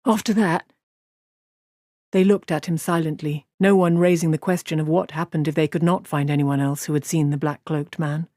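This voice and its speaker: A woman narrating an audiobook in an even, measured way, her voice sitting fairly low. The sound is dry and close, with no room around it. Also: no echo.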